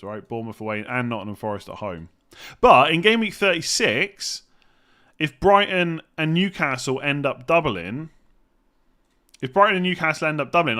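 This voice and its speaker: Bright-voiced English man thinking aloud. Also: mid-range voice. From England. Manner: rambling, thinks aloud, hums while reading. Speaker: fantasy football streamer. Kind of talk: live stream Q&A.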